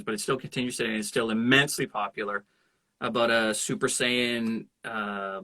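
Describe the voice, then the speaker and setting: A man, a voice actor guest, chatting in an interview and telling lively stories. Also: mid-range voice, dry recording. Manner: animated storyteller who jumps into voices. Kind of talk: casual interview chat.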